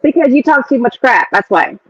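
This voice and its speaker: A woman's voice: high voice, lively intonation, husky. Sassy 40something woman firing back, voice goes up and down, kinda muffled audio. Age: 40s. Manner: sassy, quick comebacks, laughs. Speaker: stream guest. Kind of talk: casual banter on a livestream.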